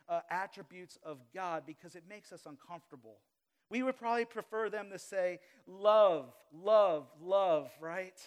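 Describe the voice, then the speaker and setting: This man from Louisiana sits high in pitch as he preaches live to his congregation in the church sanctuary. He swings between booming emphasis and hushed asides, sometimes slipping in humorous confessions.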